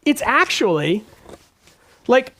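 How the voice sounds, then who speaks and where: Emphatic man coaching with lively pitch. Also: slow pace. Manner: emphatic, repeats phrases and asks rhetorical questions. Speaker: business coach. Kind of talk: motivational talk to camera.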